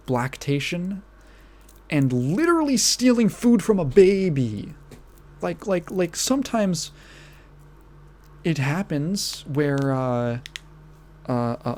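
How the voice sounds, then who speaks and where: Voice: medium pitch, a little mellow. A podcast host ranting in casual commentary, exasperated and profane, often restarting and trailing off mid-phrase.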